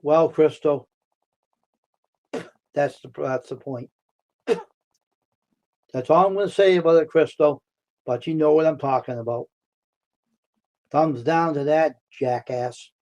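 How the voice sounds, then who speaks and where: A man hosting a casual live stream from the United States, answering his chat by name, repeating himself, worked up at times and then calming his viewers down. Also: fairly high pitch, measured pace, pauses often. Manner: talks back to chat, repeats himself, heated then soothing.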